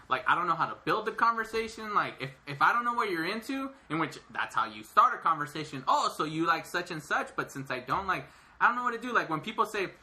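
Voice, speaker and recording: A man's voice: high voice, pushed and bright. A young man co-hosting a podcast in casual chat, rambling with lots of fillers and frequent laughs. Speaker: podcast co-host.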